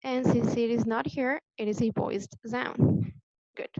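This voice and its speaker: A woman teaching English pronunciation in a patient, deliberate way, repeating the key points for her students. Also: fairly high pitch, fairly even intonation, a little mellow, dry recording. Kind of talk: classroom lesson explanation. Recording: dull lo-fi sound, dry.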